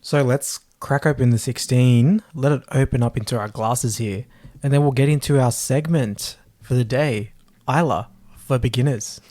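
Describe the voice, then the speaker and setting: An Australian man co-hosting a casual podcast, relaxed and gently teasing his partner. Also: mid-range voice, normal speed. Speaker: podcast co-host. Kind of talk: casual chat.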